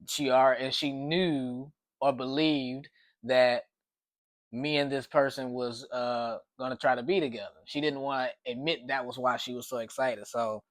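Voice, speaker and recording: A man telling a story casually, at a mid pitch. He rambles, restarts and repeats himself as he goes. The sound is dry and close-miked. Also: a bit bright, no echo.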